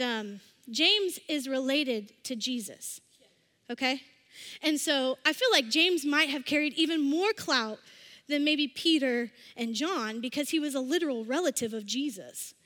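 A woman giving a casual, conversational sermon, acting out scripture scenes in lively voices. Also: high voice. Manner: chatty, acts out quotes with animated voices. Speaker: speaker at a church service. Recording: long reverb of a hall.

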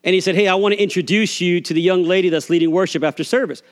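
In a church sanctuary with big-room sound, a pastor preaches very fast in a high-pitched, steady voice. He tells a folksy story, acting out the voices of its characters.

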